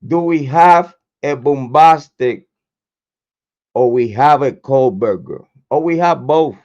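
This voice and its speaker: A hoarse man hosting a true crime livestream, cursing freely and hyping his chat with repeated chants, speaking into a desk mic. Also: medium pitch, slow pace, a little mellow, dull audio. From Puerto Rico. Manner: profane, repetitive hype chants. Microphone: desk microphone, camera off.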